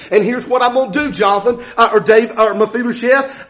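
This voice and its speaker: Fervent high-voiced preacher. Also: male voice, fairly quick, hardly any pauses. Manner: fervent, dramatic, often shouting, acts out voices of figures. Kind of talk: sermon. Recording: dull lo-fi recording.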